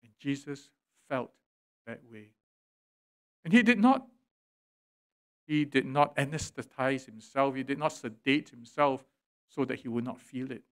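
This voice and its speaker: A male pastor, preaching a sermon in church, swelling loud and dropping quiet for emphasis. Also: mid-range voice, animated, measured pace, long pauses. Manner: preaching with dramatic swells and drops in volume. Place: church sanctuary.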